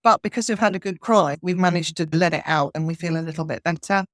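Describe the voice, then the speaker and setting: Guest interviewee: woman, lowish voice, earnest and halting, dry close mic. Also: no room sound. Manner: earnest, frequent restarts and ums. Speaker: horse communicator guest. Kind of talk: casual interview chat.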